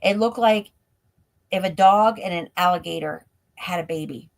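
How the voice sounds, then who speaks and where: This fairly low-pitched woman speaks at normal speed with vocal fry. She's a live stream guest telling a story in an interview, rushing breathlessly through run-on sentences full of "like", picked up by a stream call mic.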